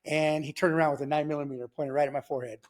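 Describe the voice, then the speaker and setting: A man casually telling his own story in slangy talk, acting out sounds like gunshots as he goes. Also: racing. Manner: animated, slangy, acts out sounds like "boom" and "pow". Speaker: guest telling his testimony.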